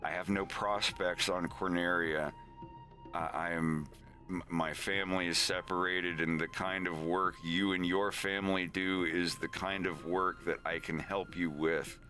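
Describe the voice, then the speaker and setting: A man's voice: sits low, little pitch movement, measured pace, bright, forceful tone, soft background music. A man voicing a nervous one-eyed male wolf pilot who stammers and pleads.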